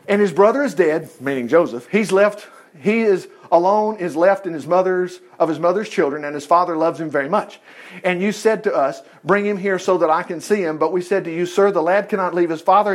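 A man preaching and retelling a Bible story in a playful, animated way, laughing often and acting out the characters' lines. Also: sits high. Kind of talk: sermon-style Bible storytelling.

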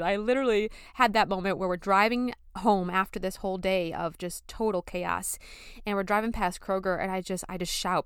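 A young woman hosts her podcast, telling a story in a casual, animated way. Her voice is smooth and clear with a middling pitch. The sound is dry and close. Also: normal speed, dry recording. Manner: animated, chatty, lots of fillers. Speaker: podcast host.

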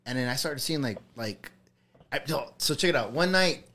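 A man's voice: medium pitch, expressive, moderate pace, bright, forceful tone. A young man telling a personal ghost story on a podcast, rambling with lots of fillers and swearing. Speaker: podcast co-host. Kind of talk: casual storytelling.

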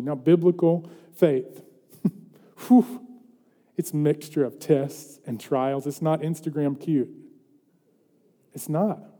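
A man's voice: a little high, fairly even intonation, slow pace, pauses often, dark tone. A man preaching a sermon as pastor, earnest and building to emphatic questions. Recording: long hall reverb.

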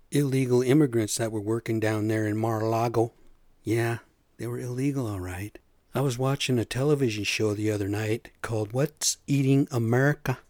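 A man's voice: mid-range voice, darkish tone, no room sound. Rambling man ranting on a dry mic. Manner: rambling, opinionated, folksy slang. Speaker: podcast host. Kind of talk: solo ranting podcast.

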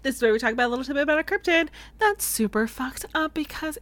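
A woman's voice: high voice, very animated, a little fast, hardly any pauses, fairly bright tone, no echo. A woman with a slight Southern accent hosting a casual storytelling podcast, chatty and playful and swearing freely. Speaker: podcast host.

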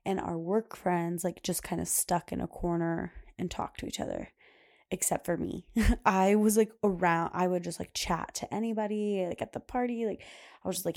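A woman's voice: lowish voice, steady tone, fairly quick, vocal fry, a little mellow. A young adult woman hosting a podcast, talking casually and chattily with lots of fillers and frequent laughs. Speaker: podcast host. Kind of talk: casual solo podcast talk.

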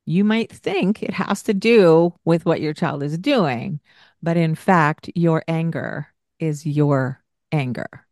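An older woman hosting a parenting podcast, giving gentle coaching in a soft-spoken way and laughing often. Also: sits low, takes it slowly, no echo, studio quality.

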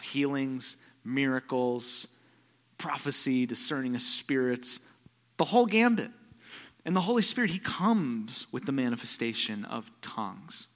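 A man preaches a sermon in a church, and his voice has a bright, forceful edge. He tells stories, dropping low and quiet before rising into loud bursts. The sound rings with a long hall reverb. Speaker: visiting pastor.

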